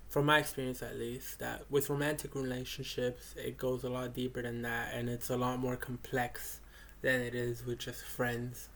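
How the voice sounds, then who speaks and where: A young man giving a casual spoken reflection, rambling with many fillers and restarts. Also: mid-range voice. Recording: faint background noise.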